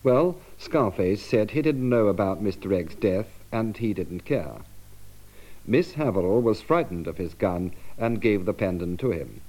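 A man giving measured, explanatory narration for language learners. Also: on the low side, expressive, warm tone. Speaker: narrator and presenter.

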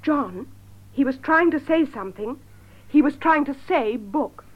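An actress playing an anxious young woman, speaking clearly and slowly for learners, on a dull lo-fi tape. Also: high voice, animated. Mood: tense. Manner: clear, slow learner-friendly delivery.

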